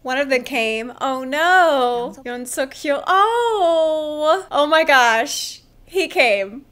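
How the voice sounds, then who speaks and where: A woman hosting a drama reaction video, excitable and emotional, laughing and gasping often. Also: high-pitched, very slow. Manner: emotional, near tears. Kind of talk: casual drama reaction commentary.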